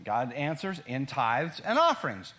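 A man preaching a sermon, reading scripture slowly and emphatically and telling listeners to underline key words in their Bibles. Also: medium pitch, wildly swooping pitch, pushed and bright. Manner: emphatic, slows down to read verses aloud. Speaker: pastor. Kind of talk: sermon teaching through scripture.

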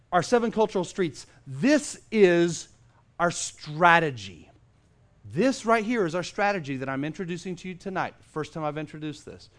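A middle-aged pastor with a fairly high voice preaches to his congregation in a church. He speaks emphatically, swinging from quiet to loud, and often restarts his sentences as he drives a point home. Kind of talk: sermon. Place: church sanctuary.

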